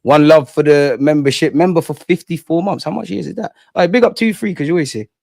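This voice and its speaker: A young London man hosts a live fan stream, talking in a lively, slangy way as he answers his chat. His voice sits a bit high for a man, and the sound is close and dry with no room around it. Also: fast, vocal fry, dry recording. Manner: animated, slangy, reads out viewer comments. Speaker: livestream host.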